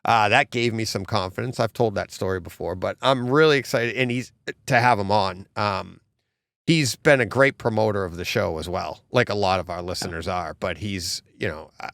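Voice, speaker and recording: A man's voice: lowish voice, vocal fry, a bit bright, no room sound. A man with a Boston accent co-hosting a podcast in casual chat, rambling with many restarts and frequent laughs. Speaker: podcast co-host.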